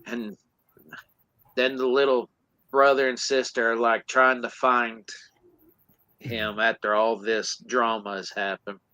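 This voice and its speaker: A man recaps a movie plot on a podcast at an unhurried, drawn-out pace, now and then slipping into goofy character voices. His voice sits close and dry on the mic, with no room sound. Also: mid-range voice, little pitch movement, sharp tone, no room sound, low-quality recording. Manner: acts out characters in silly voices while retelling. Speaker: podcast co-host.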